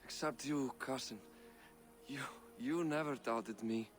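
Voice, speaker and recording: An actor playing a dying, loyal warrior cousin who speaks slowly and weakly, with resignation, in a video game. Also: male voice, mid-range voice, soft background music, close to an everyday voice. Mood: fading, proud. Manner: slow, weak, resigned.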